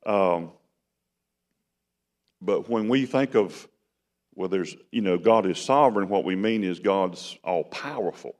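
A man's voice: low voice, expressive, slow pace, pauses often, darkish tone. A man preaching a sermon in a conversational style that rises to emphatic bursts. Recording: long hall reverb.

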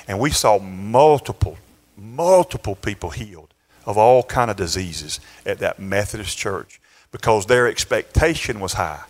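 A male pastor, telling a story in his sermon in a conversational way, with chuckles and restarts. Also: fairly low pitch. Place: church sanctuary.

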